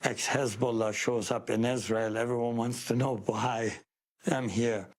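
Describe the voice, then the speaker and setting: A man's voice: medium pitch, steady tone, a little slow. A man from Iran, giving an earnest, heartfelt personal faith testimony in an interview.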